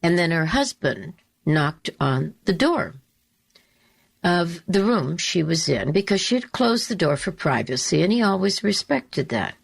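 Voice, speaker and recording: A woman talk show host telling a story in a slow, deliberate, emphatic way, repeating her key phrases. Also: lowish voice, big pitch swings, vocal fry, slightly rough. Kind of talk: storytelling monologue.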